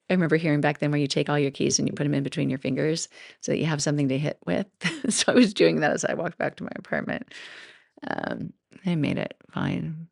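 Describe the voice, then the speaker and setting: A woman's voice: a bass voice, gravelly, no room sound, clean studio sound. A middle-aged woman hosting her own podcast, telling personal stories in a rambling, casual way with frequent laughs and asides. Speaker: podcast host. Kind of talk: casual solo podcast talk.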